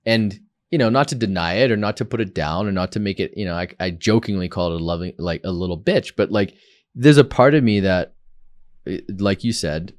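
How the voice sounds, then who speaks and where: A man from South Africa talking as a podcast guest, earnest and reflective, often leaning on "like" and restarting his sentences. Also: lowish voice. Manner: earnest and reflective, many "like" fillers. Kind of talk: casual conversation.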